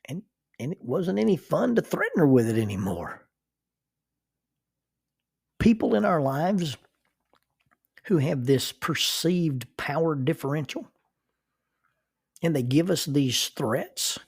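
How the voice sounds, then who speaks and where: A man telling a personal story from his life, chuckling often and stumbling through restarts as he gets animated. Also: on the high side, slow, creaky, pauses often, husky, no echo. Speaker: counselor and minister telling life stories.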